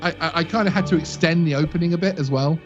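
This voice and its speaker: A man's voice: fairly high pitch, fast, soft background music. Playful British man on a muffled call. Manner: chuckling, playful banter with restarts. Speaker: guest co-host. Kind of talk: casual chat.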